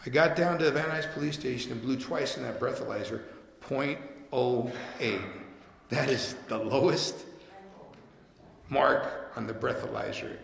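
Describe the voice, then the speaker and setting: Middle-aged man, very gravelly voice, candid recovery testimony, echoey hall with long reverb. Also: mid-range voice, a little slow, fairly bright tone. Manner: candid, plainspoken storytelling with wry humor. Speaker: speaker sharing a recovery story. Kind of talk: personal testimony at a recovery meeting.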